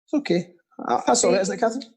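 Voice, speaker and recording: A man's voice: high-pitched, animated, very fast, a crowd in the background, poor audio. A Scottish man hosting an online quiz in casual, playful banter, often stumbling and repeating his words. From Scotland. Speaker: quiz host.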